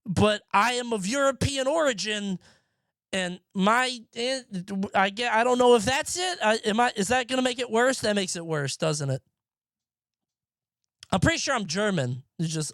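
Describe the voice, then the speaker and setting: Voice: mid-range voice, animated, moderate pace, fairly bright tone, dry recording, clean studio sound. A streamer in their thirties from the United States, chatting casually with live viewers in a rambling, profane way and laughing often.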